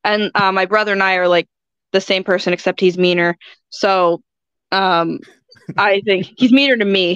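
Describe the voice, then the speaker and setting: A woman's voice: mid-range voice, fairly bright tone, no echo. A woman guesting on a movie podcast in casual chat, joking, swearing casually and laughing often. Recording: slightly dull lo-fi sound.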